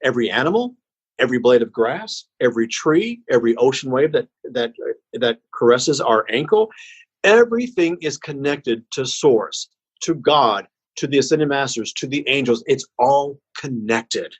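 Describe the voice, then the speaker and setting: A man guest on an interview podcast giving a heartfelt spiritual message, slow and emphatic in an earnest, preaching way. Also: mid-range voice, lively intonation, husky, lo-fi sound.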